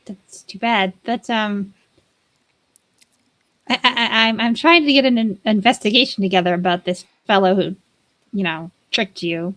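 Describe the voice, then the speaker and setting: A woman's voice: mid-range voice, normal speed, fairly bright tone, natural voice. A woman voicing a kind, fretful woman at a magic school who stammers and repeats her words. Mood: concerned. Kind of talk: tabletop role-play.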